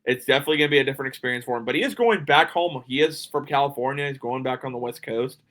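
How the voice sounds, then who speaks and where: A man hosting his own sports podcast alone, giving his picks in a loose, opinionated way. His voice sits at an ordinary middle pitch, and he sounds a bit sleepy, trailing into ums and restarted phrases. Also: rapid-fire, a bit bright. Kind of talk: solo sports preview talk.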